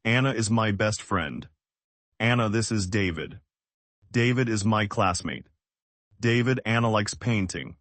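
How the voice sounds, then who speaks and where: A man from the United States, teaching English in slow, simple, evenly paced sentences. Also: on the low side, fairly bright tone, no echo. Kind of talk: slow scripted lesson.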